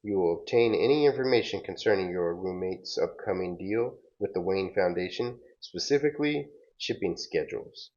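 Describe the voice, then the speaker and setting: A man's voice: deep voice, animated, moderate pace, few pauses, darkish tone. A man voicing a cold, formal male villain who threatens in clipped tones over a dull, lo-fi recording. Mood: coldly menacing.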